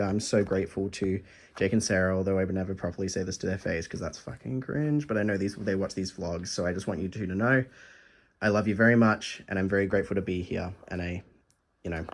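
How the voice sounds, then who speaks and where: A young man in a casual video diary, gushing over a gift and swearing freely, stumbling as he reads a letter aloud at home. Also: deep voice. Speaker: vlogger.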